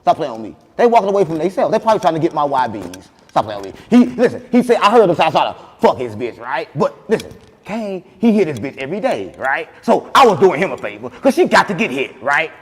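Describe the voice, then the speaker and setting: A man hosting a podcast, boasting in animated banter and repeating catchphrases, loud one moment and soft the next. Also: a little high, fast talker, breathy edge, long reverb tail. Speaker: podcast host.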